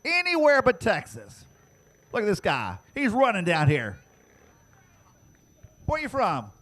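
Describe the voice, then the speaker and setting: A man announcing prize giveaways to the crowd at an outdoor dirt racetrack, teasing fans and shouting to get them to answer. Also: high-pitched, huge pitch swings. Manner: loud, teasing, drawn-out shouting. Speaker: track announcer giving away prizes.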